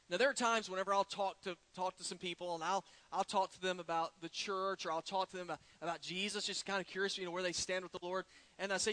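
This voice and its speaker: Male pastor, higher bright voice, dry close sound; conversational sermon full of rhetorical questions. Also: steady tone, fast, dry recording. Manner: conversational preaching with rhetorical questions and retold stories.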